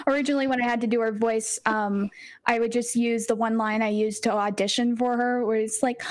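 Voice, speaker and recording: A woman's voice: fairly high pitch, normal speed. A woman voice actor on a podcast, explaining her character voices in a giggly, sheepish way. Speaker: voice actor guest. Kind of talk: casual podcast chat.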